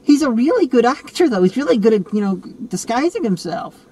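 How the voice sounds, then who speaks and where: High-pitched guy rambling about a movie, lots of restarts. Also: a little fast, breathy edge, poor audio. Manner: rambling, animated, self-correcting. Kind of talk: casual film review chat.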